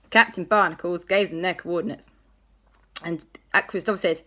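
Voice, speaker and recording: A woman's voice: fairly low pitch, brisk. A woman telling an improvised children's story, voicing each character in turn. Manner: animated, playing every character in turn.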